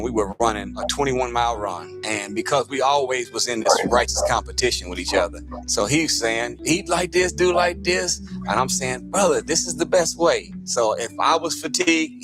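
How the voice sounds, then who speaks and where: A man tells a motivational story in a rolling, preacher-like cadence, slipping into the voices of the people in it. His voice sits at an ordinary middle pitch. Music plays clearly underneath.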